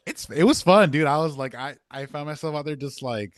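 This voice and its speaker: A man's voice: on the high side, a little fast, dry recording, studio quality. A young man co-hosting a podcast, telling casual stories in a laid-back way full of filler words. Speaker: podcast co-host. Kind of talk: casual chat.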